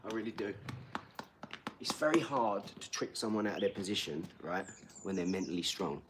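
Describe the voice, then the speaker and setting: A man's voice: sits low, lively intonation, moderate pace, noisy background. A man, chatting casually on a live stream and bantering with a troll in his comments.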